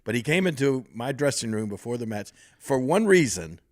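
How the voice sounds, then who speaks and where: An older man hosts a podcast in a casual, rambling way, laughing and slipping into other people's voices as he tells stories. His voice sits at a middle pitch. The recording is close and dry. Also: very animated, moderate pace, dry recording. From American South. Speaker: podcast host, former wrestler. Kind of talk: casual chat, storytelling.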